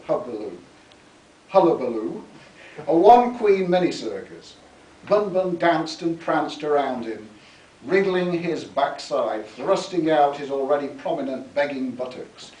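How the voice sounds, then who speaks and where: An author reads theatrically from his own book, savouring each word and letting his pitch swing widely. He is heard from a distance in an echoey library room, with faint ambience behind him. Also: darkish tone, a little hiss or hum. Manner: theatrical, relishing words, chuckling at his own lines. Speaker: author giving a reading. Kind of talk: reading from his book with spoken asides. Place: public library talk. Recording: echoey room, mic far off.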